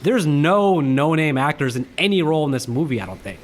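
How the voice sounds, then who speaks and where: A man's voice: fairly high pitch, animated, a little fast. A man co-hosting a casual movie podcast, chatty and rambling as he shares film trivia. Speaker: podcast co-host.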